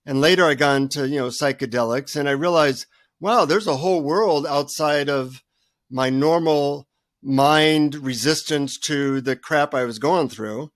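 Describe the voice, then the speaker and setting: An older man, a guest author, telling a self-deprecating story with lively energy in a radio interview. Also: fairly high pitch, a little slow, no echo, studio quality.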